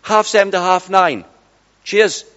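Middle-aged male preacher, high-pitched and animated, storytelling sermon; dull recording in a reverberant hall. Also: unhurried, clean tone. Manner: lively, chatty, acts out dialogue with friends.

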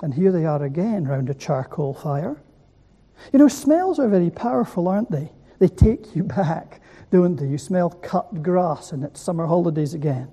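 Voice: mid-range voice, animated, moderate pace, warm tone, husky. A preacher giving a sermon who asks the listeners rhetorical questions and repeats key words for weight. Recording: echoey hall.

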